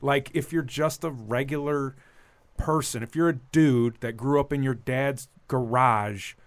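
A man's voice: mid-range voice, measured pace, no echo. A man, a comedian, chatting casually on a podcast in a rambling, profane, emphatic way. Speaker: comedian guest.

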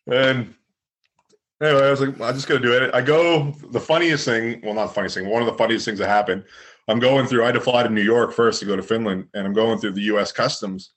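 A young man from Canada, a guest in an interview, telling stories in a relaxed, rambling way full of fillers. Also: mid-range voice, quick pace. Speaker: guest, former hockey fighter. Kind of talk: casual storytelling interview.

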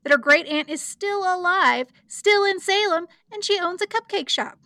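A woman with a high, bright voice recaps a show in a loose, giggly way, full of likes and ums. Her sound is close and dry, with no room around it. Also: moderate pace, no echo. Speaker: podcast co-host recapping an episode. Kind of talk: casual chat.

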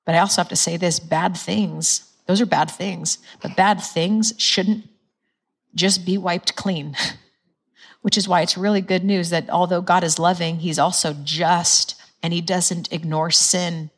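A woman's voice: on the low side, steady tone, measured pace. Earnest woman preaching a sermon. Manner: earnest, asks the crowd questions, laughs at her own slips.

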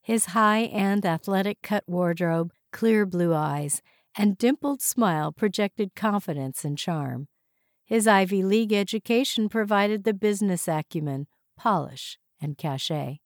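A woman reading a novel aloud as audiobook narrator in an even, measured way. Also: medium pitch, no echo, clean studio sound.

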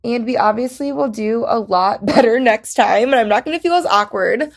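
A young woman hosting her podcast alone, rambling and halting with many fillers, emotional and close to tears. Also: on the high side, vocal fry. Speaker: podcast host. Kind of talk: casual solo podcast chat.

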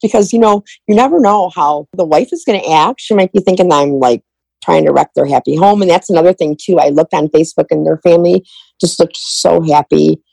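A woman's voice: on the low side, a little fast, gravelly, mellow, husky, no echo, low-quality recording. A middle-aged woman telling her family story in an interview, retelling conversations in quoted dialogue. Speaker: guest.

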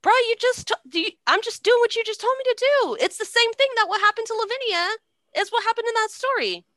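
A woman's voice: very high voice, quick pace, bright, forceful tone, no room sound, voice pushed up. A woman voicing a vengeful Roman general who mocks his enemies in a breezy, slangy way. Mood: exasperated. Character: gleeful vengeful Roman general, man, middle-aged.

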